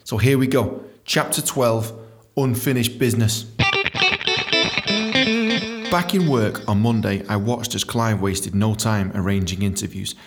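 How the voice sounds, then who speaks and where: A man's voice: on the low side, unhurried, long pauses, faint music behind. An English man reads his own memoir and breaks into crude, joking asides that are full of swearing. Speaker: author reading his book.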